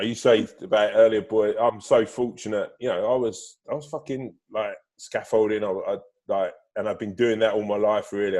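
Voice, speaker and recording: Low-voiced man, sweary chatter. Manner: swears freely, many fillers and restarts; bursts into laughter telling stories. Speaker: guest. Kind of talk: casual podcast chat. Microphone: remote call, drops out.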